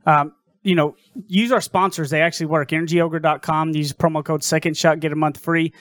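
A man with a fairly high voice co-hosts a casual podcast. He reads sponsor plugs briskly and jokes with the others. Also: little pitch movement, a bit bright, no echo, clean studio sound. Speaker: podcast co-host.

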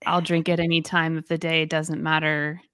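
Southern US woman co-host, lowish voice, dry close mic, chatty and affirming. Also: little pitch movement, normal speed, a bit bright, clear, resonant tone, no room sound. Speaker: podcast co-host. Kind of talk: casual faith podcast chat.

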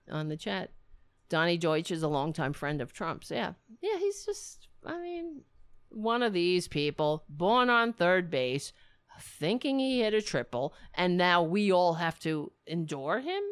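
A woman's voice: lowish voice, expressive, unhurried, clean tone. A woman hosting a livestream from home, ranting about politics in a sarcastic, profane, exasperated way. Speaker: livestream host. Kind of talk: casual political rant. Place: home in a city apartment.

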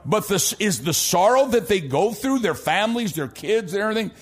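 A middle-aged American pastor preaching in a notably high voice. He tells his stories with animation and breaks into shouts to drive a point home. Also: brisk. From United States. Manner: animated storytelling, bursts into shouts for emphasis. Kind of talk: sermon.

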